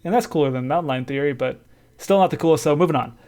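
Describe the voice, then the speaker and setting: A man's voice: a little high, fast, darkish tone. A man co-hosting a casual podcast, talking in a loose, chatty way and laughing easily. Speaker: podcast co-host.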